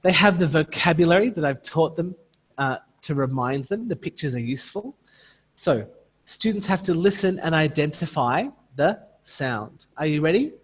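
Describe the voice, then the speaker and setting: A man's voice: a little high, expressive, normal speed, slightly rough, big-room sound. A man running an online teacher training, demonstrating phonics sounds and chanting prompts as he would to young learners.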